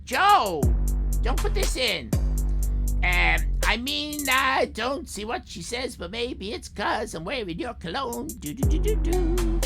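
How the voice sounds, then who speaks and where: A woman's voice: fairly high pitch, sing-song, slow pace, vocal fry, over music, exaggerated voice. A woman putting on a brash, boastful female pop singer in a sing-song comic voice. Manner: sing-song, showy, loud. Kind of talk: comic improv on a live stream.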